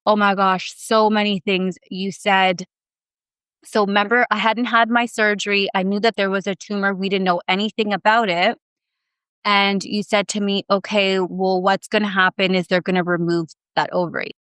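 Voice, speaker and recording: Smooth-voiced woman telling a personal story. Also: medium pitch, moderate pace, no room sound. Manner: animated, emotional storytelling with many fillers. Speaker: podcast guest. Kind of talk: casual chat, personal story.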